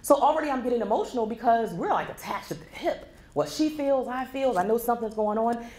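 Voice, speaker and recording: Woman in her forties, motivational keynote, animated storyteller, a bit high-pitched, roomy live-hall sound. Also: brisk. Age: 40s. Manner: animated storytelling, addresses the audience directly. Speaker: keynote speaker. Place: conference hall before a live audience. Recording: echoey hall with faint background noise.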